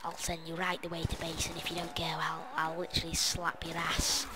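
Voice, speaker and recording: A young man voicing a gruff male army captain who threatens in a low voice that sinks into whispers. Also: monotone, brisk, background noise, natural voice. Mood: menacing. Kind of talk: gaming commentary impression.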